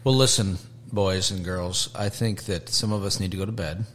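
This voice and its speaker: A man's voice: deep voice, fairly even intonation, normal speed, a little hiss or hum. A man hosting a casual podcast chat, joking and teasing his guests. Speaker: podcast host.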